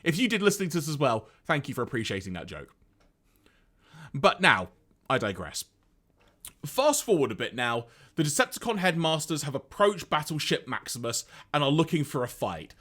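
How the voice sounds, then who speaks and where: Male podcast co-host, lively rising-and-falling voice, upbeat recap, reads lines aloud. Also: fairly high pitch, moderate pace. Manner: animated storyteller, reads out lines, laughs often.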